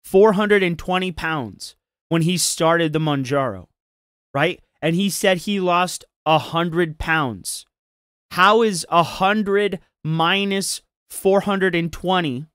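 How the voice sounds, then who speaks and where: A man's voice: sits high, slow, a bit bright, clean tone, no room sound, studio quality. A man hosting a casual stream, chatting in a laid-back, profane way and laughing often. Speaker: stream host. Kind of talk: casual commentary chat.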